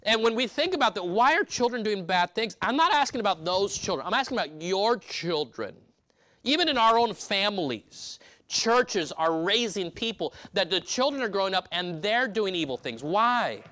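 A man preaching from the pulpit of a church, his voice bright and a little higher than most men's. He speaks emphatically, stumbling into restarts and throwing rhetorical questions at the congregation. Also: big pitch swings, normal speed. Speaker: pastor. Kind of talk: sermon.

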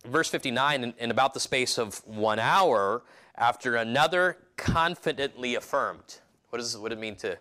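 A man's voice: mid-range voice, sharp tone. A man preaching a sermon in a casual, conversational way, often restarting his phrases and acting out quotes from the passage. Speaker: pastor.

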